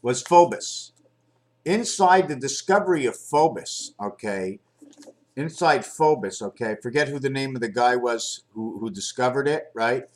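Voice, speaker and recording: A man's voice: mid-range voice, animated, unhurried. A man talking in a casual, digressive monologue, hopping between numbers and ideas while handling objects on camera. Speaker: video blogger.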